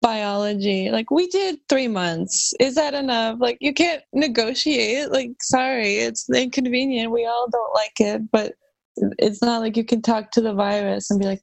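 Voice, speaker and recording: High-pitched woman guest going off emphatically, super dry sound. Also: steady tone, measured pace, gravelly, dry recording, low-quality recording. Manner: emphatic, incredulous ranting. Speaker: podcast guest. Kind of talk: casual chat.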